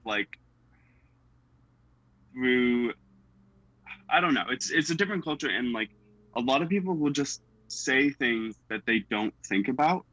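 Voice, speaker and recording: A man's voice: fairly high pitch, bright, forceful tone, no room sound, rough recording. A young man from the United States, chatting casually as an interviewee, self-deprecating and full of fillers.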